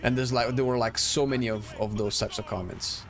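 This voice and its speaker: A man's voice: mid-range voice, fairly even intonation, a little fast, faint music behind. Joking male streamer. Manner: chatty, joking, thinks aloud. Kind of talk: casual gameplay commentary.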